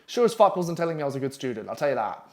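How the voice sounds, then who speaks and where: A young man in his twenties tells a long story to the camera in a casual, swearing, animated way. His voice sits a bit high for a man, and he rambles with plenty of "like" and "anyway". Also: very fast. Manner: profane, animated, rambling with frequent fillers.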